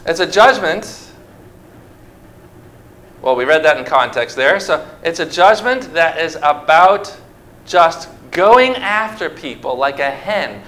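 A man's voice: fairly high pitch, animated, slow, fairly bright tone, low-quality recording. A man preaching a sermon, emphatic and repetitive, acting out voices from the stories he tells. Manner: emphatic, repeats words for effect, acts out quoted voices.

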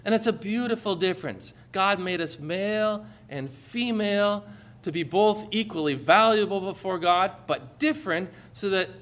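Man, pastor, sermon, bright forceful voice, somewhat high, jokey, asks for amens. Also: normal speed. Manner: jokey, calls for amens from the congregation.

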